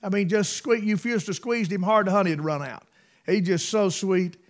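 A man preaches in a high, bright-pitched voice. He spins folksy stories from the pulpit, pushing hard on key words and then dropping to hushed asides. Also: brisk. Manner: folksy, emphatic, swings between loud bursts and hushed asides. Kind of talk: storytelling sermon.

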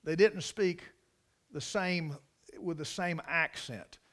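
Forceful Carolina preacher, folksy drawl. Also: male voice, a little high, slow pace. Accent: Southern US, Carolinas. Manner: drawling, storytelling, emphatic asides. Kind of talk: folksy revival sermon. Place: church service.

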